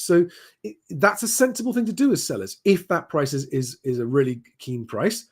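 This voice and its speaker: Hosting a live property Q&A, this man has a fairly high, darkish voice. He reads out viewer comments and answers them in a chatty, plain-spoken manner, saying "um" often.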